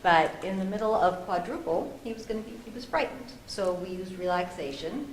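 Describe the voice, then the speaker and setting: A woman panelist telling a lively story at a discussion panel, often laughing. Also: fairly low pitch, a little fast. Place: conference room with an audience. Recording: echoey room with faint noise.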